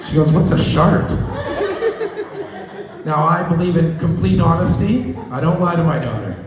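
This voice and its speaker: A man in his thirties doing a stand-up comedy set in a small room, talking in a halting, self-deprecating way with many restarts. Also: a little high, a crowd in the background. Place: small room with a live audience. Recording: echoey room recording. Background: audience laughter.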